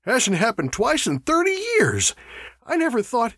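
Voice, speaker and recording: A man doing a high, alarmed older medic. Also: sing-song, unhurried, husky, no echo, clean studio sound, exaggerated voice. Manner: urgent, reading out symptoms. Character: gruff older male medic, anxious and bossy.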